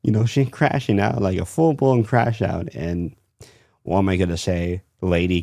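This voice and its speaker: A young man rambling through a casual storytime about his retail job. His voice sits very low, with a dark, mellow tone. The sound is dry and close, full of fillers and restarts. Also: no echo. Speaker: retail worker telling a story.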